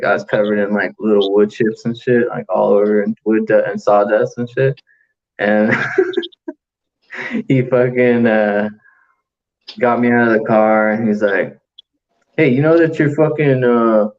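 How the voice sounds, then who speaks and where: Host: low-pitched man, profane laughing storyteller, muffled lo-fi audio. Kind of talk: casual late-night chat.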